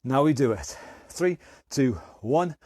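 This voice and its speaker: A man coaching an online workout class, energetic and encouraging as he calls out moves, slightly out of breath. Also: medium pitch, takes it slowly, dry recording, clean studio sound. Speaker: fitness instructor.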